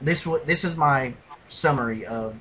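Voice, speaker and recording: A man co-hosting a casual podcast, retelling and mocking movie scenes with animated delivery and loud impressions. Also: mid-range voice, normal speed, slight background noise, poor audio. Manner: animated storyteller, mimics lines in a loud gravelly shout. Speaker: podcast co-host. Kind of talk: casual movie review chat.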